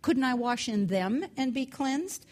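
A woman's voice: high voice, animated, a little slow, a little mellow. A woman reading the lines of a proud, sick army captain who complains angrily. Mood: resentful. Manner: resentful, complaining.

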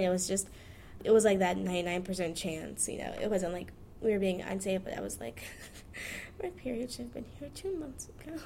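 A woman's voice: medium pitch, creaky, a little mellow, a little hiss or hum. A nineteen-year-old woman, talking frankly and chattily about her life, laughing as she goes. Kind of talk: candid personal monologue.

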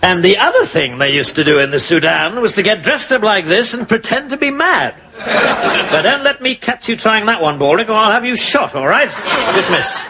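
A sardonic, weary English army captain in a sitcom, all dry, cutting sarcasm. His voice sits high and swings widely as he mocks those around him. The old TV audio carries clear hiss under the laughter. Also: expressive, moderate pace. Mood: wry. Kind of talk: sitcom acting before a studio audience.

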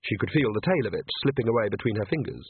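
A man's voice: on the low side, animated, quick pace, breathy edge, dry recording. A man narrating an audiobook with wry, dry storytelling, on a tinny phone-like recording.

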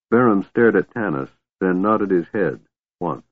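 A man narrates an audiobook at a measured storytelling pace. His voice sits very low. The sound is narrow and phone-like, and completely dry. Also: animated, no echo. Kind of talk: scripted narration. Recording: thin phone-like dry recording.

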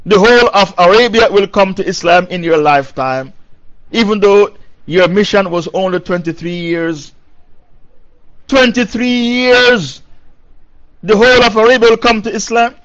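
A man with a high-pitched voice delivers a Quran commentary lecture, chanting Arabic verses before translating them into plain teaching. He drives his points home by repeating key phrases, and the recording sounds dull and lo-fi. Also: fairly quick, a bit bright. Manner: recites Arabic verses, then translates and explains. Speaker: preacher.

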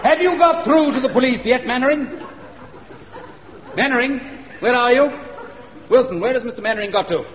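An actor playing an indignant, fussy bank inspector from head office in a radio comedy, recorded with a muffled sound. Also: male voice, very high-pitched, moderate pace, pauses often, slight background noise. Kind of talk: 1970s radio comedy acting.

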